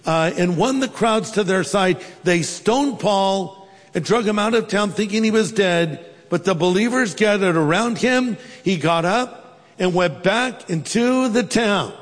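Male pastor, high voice, storytelling sermon, joking asides, long hall reverb. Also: a little slow.

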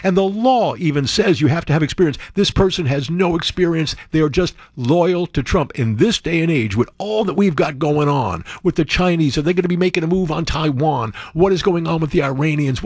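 A man's voice: brisk, few pauses, no room sound. Guy reading news and riffing on it, sarcastic, voice all over the place, dry close sound. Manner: animated, sarcastic asides, jumps to high exclamations. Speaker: show host reading and commenting on news. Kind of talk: casual political commentary.

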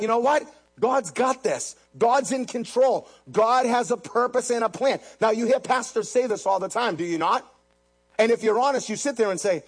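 A man's voice: extremely high pitch, husky. A man preaching a sermon as pastor, emphatic, repeating key lines and mixing in jokes.

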